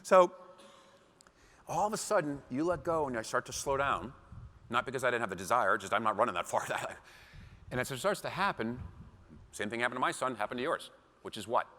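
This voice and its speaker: A man giving a seminar talk to a live audience, telling animated stories with acted quotes. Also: mid-range voice, fairly quick, pauses often. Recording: long hall reverb.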